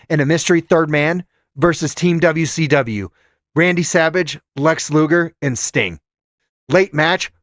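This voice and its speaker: A man narrates a scripted countdown with a dramatic, storytelling delivery. His voice sits a little high for a man. The sound is dry and close, with no room in it. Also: a bit bright, no room sound. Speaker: channel host.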